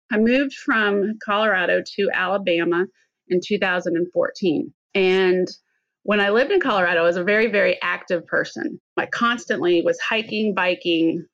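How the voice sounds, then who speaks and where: A middle-aged woman speaks as a podcast guest, telling her own story in a candid, earnest way. Her voice sits a little low. The audio is dull and lo-fi, as over a remote connection. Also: a bit bright, dry recording. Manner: earnest, candid, at times choked up. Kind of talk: personal story in an interview.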